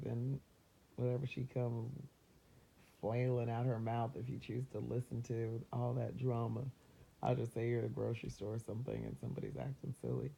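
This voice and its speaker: A woman talking casually and upbeat about mindfulness and positive thinking, chatty, laughing often and slipping into quick acted-out voices. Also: rumbling low, vocal fry, dark tone, husky. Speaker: self-help vlogger. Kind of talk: casual motivational talk. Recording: dull lo-fi recording.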